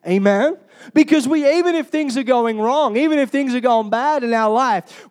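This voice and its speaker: A man preaching a sermon in an energetic, humorous way, often asking the congregation "Amen?". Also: extremely high pitch.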